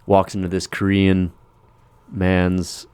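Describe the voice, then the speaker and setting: A man casually chatting on a podcast, telling a film's plot with lively acted-out lines. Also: deep voice, slow, clear, resonant tone, dry recording. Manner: animated storytelling, acting out film scenes in raised voices. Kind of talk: casual chat.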